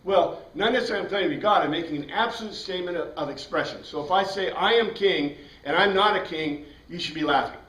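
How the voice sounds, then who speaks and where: A man's voice: high-pitched, quick pace, few pauses, a bit bright. A man teaching a Bible class, explaining step by step and putting questions to his students. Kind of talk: classroom lecture. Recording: roomy sound from a distant mic.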